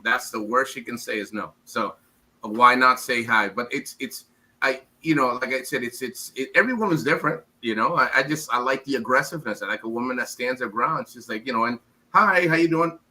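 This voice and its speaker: In a low-quality recording, a U.S. interview guest rambles through casual questions, repeating words as he stumbles along. His mid-range voice is very bright and forward, and now and then he briefly mimics women he's quoting.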